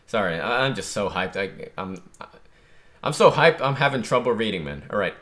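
A man giving excited, casual commentary while reacting to a comic chapter, hyped and animated, often saying "dude". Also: fairly low pitch, moderate pace. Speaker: manga reaction streamer.

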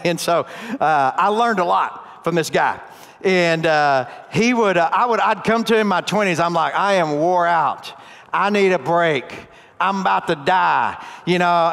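A man's voice: high-pitched, fairly bright tone. A middle-aged male pastor preaching a sermon in a church, telling folksy stories in a plain conversational way. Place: church sanctuary. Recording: long church reverb.

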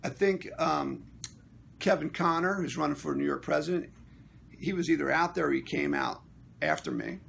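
Man, gravelly voice, animated storytelling, casual vlog recap, lively pitch. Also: moderate pace, slight background noise. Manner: animated storytelling, acting out quotes. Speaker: actor and union member.

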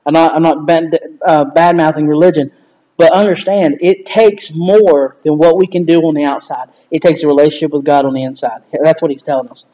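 A man with a high voice preaching to his church, chatty and animated, slipping into quoted lines along the way. The recording sounds dull and lo-fi. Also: fairly quick, a little hiss or hum. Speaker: pastor. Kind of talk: sermon.

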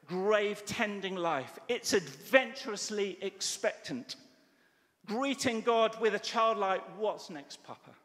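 A middle-aged man preaching a sermon, telling stories with lively quoted dialogue. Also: on the high side. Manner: animated storytelling with quoted dialogue. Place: church hall. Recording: church hall reverb.

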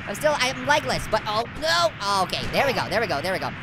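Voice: sing-song, fast, heavy background noise, lightly acted. A performer voicing a hyperactive, wisecracking cartoon orange, joking and punning through game commentary. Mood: silly. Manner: goofy, punning, giggly, high-energy. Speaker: gaming let's-play host. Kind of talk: let's play game commentary.

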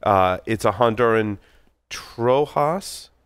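Man, low smooth voice, casual co-host, chatty, dry sound. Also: moderate pace, no room sound. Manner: chatty, self-deprecating, stumbles over names. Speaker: podcast co-host. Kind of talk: casual chat.

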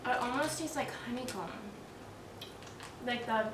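A woman's voice: on the high side, measured pace, reverberant, noisy background. Eager woman on a far-off camera mic. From United States. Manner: eager and enthusiastic, talking while chewing. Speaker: channel host. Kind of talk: casual taste-test chat.

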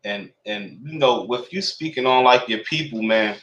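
A man's voice: medium pitch, normal speed, fairly bright tone, muffled recording. Admiring male interviewer in an echoey room. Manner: admiring, long winding questions. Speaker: interview host. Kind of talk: casual interview.

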